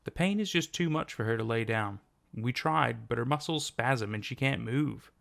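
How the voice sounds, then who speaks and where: A man reading the lines of a defensive, scolding middle-aged mother, with a gravelly voice. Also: mid-range voice, normal speed, a bit bright. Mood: matter-of-fact.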